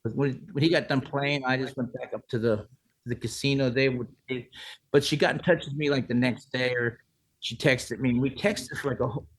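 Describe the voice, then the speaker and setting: A man's voice: mid-range voice, fairly even intonation, brisk, husky, low-quality recording. A man in his sixties, a musician guest, telling long rambling stories in a casual interview. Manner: rambling anecdotes, many restarts and "like".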